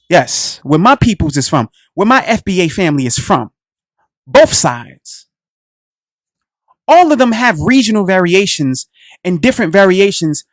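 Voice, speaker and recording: An impassioned radio host preaches through a solo commentary, calling the listeners family and hammering each point home by repeating it. The pitch swings up and down constantly as the talk rises and falls. The recording is close and dry. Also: no room sound. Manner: repeats phrases for emphasis, asks rhetorical questions.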